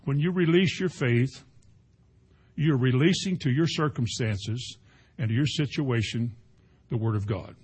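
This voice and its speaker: A man preaching a sermon in a conversational style, swinging between emphatic and hushed delivery. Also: mid-range voice, measured pace, long pauses, breathy edge. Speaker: pastor.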